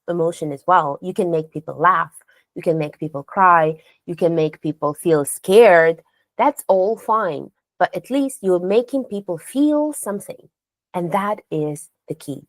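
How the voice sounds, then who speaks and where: A woman's voice: on the low side, dry recording. A woman teaching speech delivery as a contest trainer, asking the learners questions and demonstrating intonation aloud. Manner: coaching, poses rhetorical questions to learners. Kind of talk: instructional lecture.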